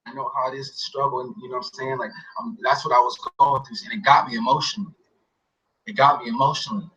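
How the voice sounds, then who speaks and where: A man tells a personal story in a loose, rambling way, full of fillers and quiet trailing asides. His voice is bright. The recording sounds dull and lo-fi. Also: fairly even intonation, fast. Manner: rambling, many fillers, often drops to a quiet low mumble. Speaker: interviewee recounting an experience. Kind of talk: casual storytelling. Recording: dull lo-fi audio.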